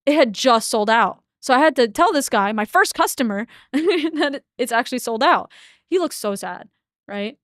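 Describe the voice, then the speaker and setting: A young woman hosts a casual livestream and rattles off stories with lots of laughter. Her voice sits a bit high and sounds close and dry, with no room around it. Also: expressive, moderate pace, a bit bright, dry recording. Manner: chatty storyteller, laughs often. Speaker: livestream co-host.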